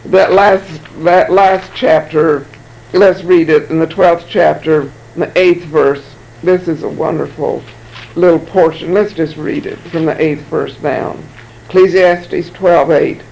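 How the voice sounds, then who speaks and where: A man's voice: a little high, steady tone, slow pace, vocal fry, a little mellow, a little hiss or hum, rough recording. A man preaching a sermon, reading Bible verses aloud and commenting on them, often repeating words as he goes.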